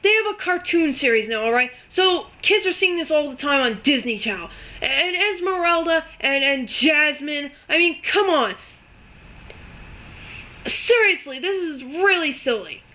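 A woman's voice: high voice, expressive, unhurried, bright, forceful tone. A woman delivering an unscripted rant to camera for her video channel. She sounds exasperated and emphatic, and she tags her points with "okay?" and "all right?". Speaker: video ranter.

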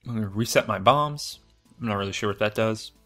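Soft music plays behind a man with a lowish voice who speaks a little fast as he narrates his game playthrough. He's excitable and self-deprecating, thinking aloud and laughing at his own play.

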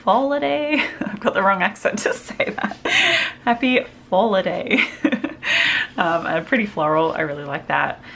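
A woman's voice: low-pitched, normal speed, creaky, fairly bright tone, slight background noise. A woman craft vlogger chatting casually through a haul, gushing over each item with little exclamations. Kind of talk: casual show-and-tell haul.

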